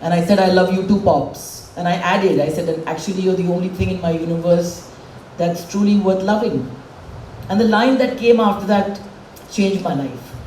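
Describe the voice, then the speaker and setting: A woman's voice: fairly low pitch, normal speed, mellow, slight background noise. A woman in her forties giving a candid, emotional personal speech at a public event. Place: event hall with a stage. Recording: echoey hall, voice from far off.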